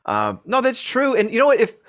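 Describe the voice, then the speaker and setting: A man chatting casually on a podcast, animated and quick, acting out what others would say. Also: very high-pitched. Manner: fast, animated, acts out quoted voices.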